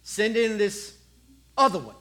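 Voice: mid-range voice, very animated, unhurried, sharp tone. A preacher voicing a weary, skeptical old prophet in a sermon retelling. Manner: exasperated, doubtful.

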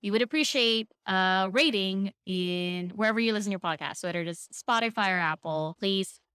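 A woman's voice: mid-range voice, normal speed, fairly bright tone, smooth, dry recording, studio quality. An American woman co-hosting a casual podcast, explaining things and laughing often. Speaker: podcast co-host. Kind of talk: casual chat.

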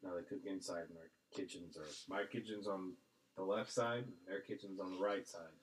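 A man's voice: deep voice, steady tone, fairly quick, slight background noise. A man telling casual stories in a laid-back chat, cursing freely. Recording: roomy echo, far from the mic.

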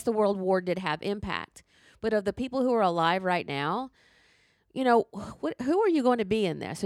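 A woman's voice: lowish voice, dry recording, studio quality. A middle-aged woman ranting in casual chat, profane and emphatic.

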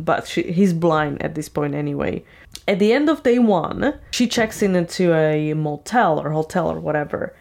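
A woman vlogger talks straight to her viewers in a loose, rambling way. She fills her sentences with "like" and "you know". Her voice sits a little low, and her opinions come out blunt and argumentative. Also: darkish tone. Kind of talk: casual opinionated commentary.

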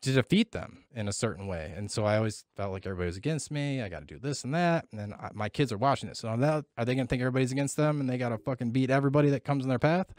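A man's voice: medium pitch, very fast, hardly any pauses, a little mellow, dry recording, clean studio sound. A middle-aged man talking candidly and with a lot of swearing in a casual podcast chat, reflecting on parenting and loss.

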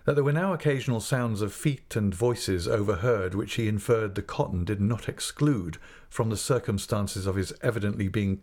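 An audiobook narrator reads a classic novel aloud from a script in a measured, expressive storytelling style. His voice is on the low side.

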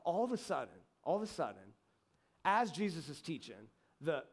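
A middle-aged male pastor preaching a sermon, telling the story in an animated, conversational way with frequent asides to the congregation. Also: a little high, normal speed.

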